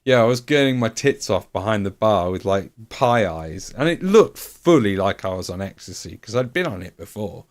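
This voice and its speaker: Low-voiced male streamer, casual rambling storyteller, curses freely. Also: lively intonation, normal speed, few pauses. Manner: rambling, swearing, lots of fillers.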